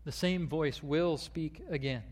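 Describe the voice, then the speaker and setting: A man's voice: a little high, a little slow, a little mellow, big-room sound. A man preaching a sermon, with frequent fillers and restarts, reading a long quoted passage aloud. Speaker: pastor.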